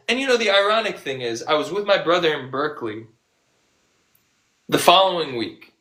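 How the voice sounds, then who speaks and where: A male activist with a bright, tense edge talks with biting sarcasm. He slips into other people's voices to quote them, mocking the arguments he keeps hearing. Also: on the high side, expressive, normal speed, long pauses. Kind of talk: impassioned conversational storytelling.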